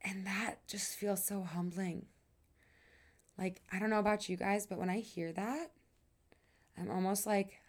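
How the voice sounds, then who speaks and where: A woman hosting a podcast, talking in an earnest, emphatic casual monologue with sighs and soft dips in volume. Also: medium pitch, fairly even intonation, a little slow. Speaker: podcast host.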